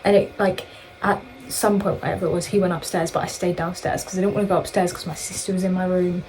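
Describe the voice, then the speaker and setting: A woman's voice: lowish voice, little pitch movement, fast, darkish tone, rough recording. A young woman vlogging, telling a rambling story in a casual chat full of fillers and restarts. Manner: chatty, rambling, self-interrupting with many fillers. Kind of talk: casual storytime while getting ready.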